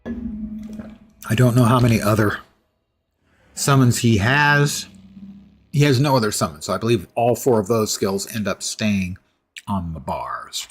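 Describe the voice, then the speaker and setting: Brief: male game streamer, casual musing commentary, husky tone, lively pitch. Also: unhurried, long pauses. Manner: musing, self-correcting, drily humorous.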